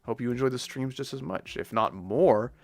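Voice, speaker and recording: A young man rambles through a casual livestream, joking loosely and leaning on "dude" and "like". His voice sits at a middle pitch with a gravelly edge. Soft music plays faintly behind him. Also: moderate pace, no echo. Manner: rambling, jokey, says "dude" and "like" often. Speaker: streamer.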